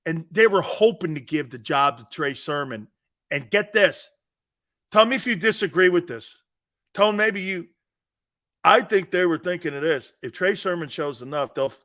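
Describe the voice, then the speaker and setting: A man's voice: a little high, bright, forceful tone. A man hosting a sports talk show, brash and joking in casual banter. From Italian-American.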